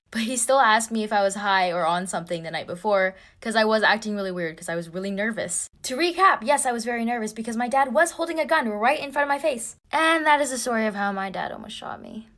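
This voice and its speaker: A young woman with a slightly high voice rattles off a personal story at speed. Her telling is casual, breathless and dramatic. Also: fairly bright tone.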